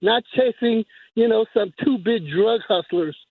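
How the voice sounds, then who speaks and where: Male caller, phone line, husky, dry, measured replies. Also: high voice, dry recording. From United States. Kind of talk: call-in radio chat. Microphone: telephone.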